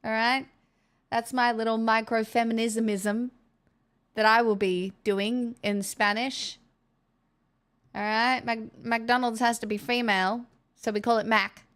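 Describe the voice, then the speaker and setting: A woman with an Australian accent chats casually with her live stream audience. Her voice sits a little on the high side, and she talks at an unhurried pace. She is playful and jokey, laughing often. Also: flat delivery, a bit bright. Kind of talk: casual chat with viewers.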